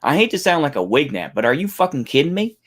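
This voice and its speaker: A man's voice: on the high side, very animated, fast, fairly bright tone. A man giving heated, profane reaction commentary, incredulous and swearing often.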